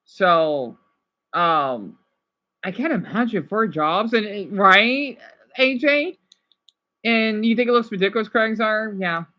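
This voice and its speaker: A woman's voice: mid-range voice, expressive, takes it slowly, pushed and bright, highs cut off. A woman hosting a livestream, chatting casually with viewers and calling them by name as she reacts to a video. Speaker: livestream host.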